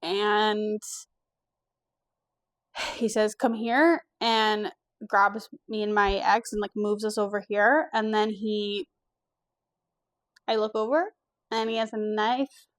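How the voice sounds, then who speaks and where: A young woman from the US East Coast telling a personal story in a casual vlog, candid and animated, swearing now and then. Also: medium pitch, slow pace, pauses often. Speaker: vlogger.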